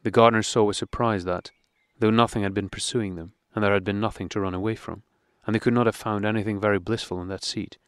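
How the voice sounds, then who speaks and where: Audiobook narrator, male, lower voice, steady measured reading, dry close sound. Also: dry recording. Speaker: audiobook reader. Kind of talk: reading a classic novel aloud.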